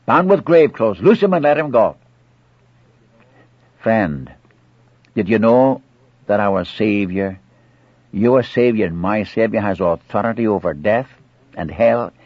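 A man's voice: on the low side, animated, measured pace, pauses often, breathy edge, no room sound. A man preaching an earnest sermon, acting out scripture dialogue and pleading directly with his listeners. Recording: muffled old dry recording.

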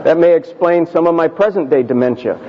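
A male pastor telling a personal story in a sermon, conversational and self-deprecating, slowing down for emphasis. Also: on the high side, noisy background. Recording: dull audio with long hall reverb.

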